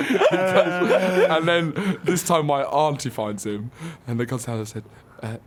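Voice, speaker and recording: A man at a medium pitch co-hosts a relaxed radio show. He tells family stories with an easy manner and laughs often along the way. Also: a little slow. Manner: laughs through anecdotes, relaxed. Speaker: co-host. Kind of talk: casual chat, storytelling.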